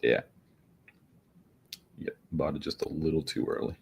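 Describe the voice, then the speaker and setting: A man's voice: rumbling low, steady tone, a little slow, vocal fry, slight background noise. A man giving casual, profane, grumbling commentary as he day trades on stream. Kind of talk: casual live commentary while trading.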